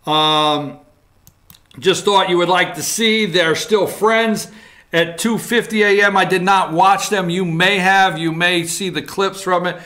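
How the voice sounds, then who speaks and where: A man hosting a morning talk show, reading headlines aloud and joking about them in a casual, animated way. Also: high-pitched. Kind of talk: casual political commentary.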